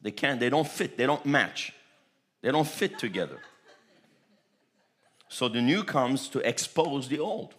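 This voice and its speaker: A man's voice: medium pitch, lively intonation, unhurried, pauses often, a bit bright. A man preaching a charismatic sermon, repeating phrases, chuckling often and breaking into tongues. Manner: repetitive, chuckling, bursts into tongues.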